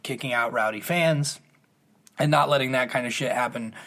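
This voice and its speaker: A man's voice: mid-range voice, moderate pace, sharp tone. A man co-hosting a casual podcast. He tells stories in a profane, heated way. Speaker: podcast co-host.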